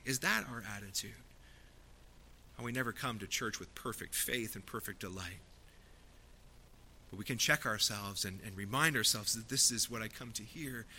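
A man's voice: medium pitch, pushed and bright. A man preaching a sermon from the pulpit, earnest and rising to emphatic peaks. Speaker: pastor.

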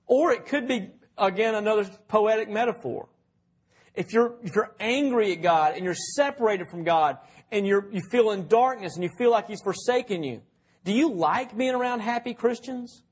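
A man with a fairly high, husky voice preaches a sermon. He talks in a conversational way, putting questions to his listeners and telling anecdotes. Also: moderate pace. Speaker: pastor.

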